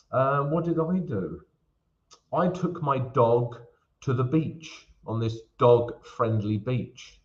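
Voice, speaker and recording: A man with a mid-range voice hosts a casual live-stream Q&A about trading, chatting away and greeting viewers by name, calling them "guys" and "mate." The audio sounds dull.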